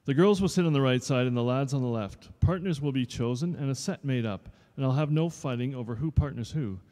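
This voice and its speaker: A man's voice: medium pitch, a little fast, mellow, lightly acted. A man reading aloud as a strict, bossy dancing master who barks rules at his pupils. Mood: stern. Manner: stern, commanding, barks rules. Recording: long reverb in a showroom.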